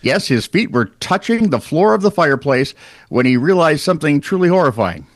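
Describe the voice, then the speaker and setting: A man's voice: fairly high pitch, brisk, dry recording. Guy reading weird news on a podcast, wry, lots of ups and downs in his voice. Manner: wry storyteller, animated, trails off and restarts. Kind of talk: casual comedic news chat.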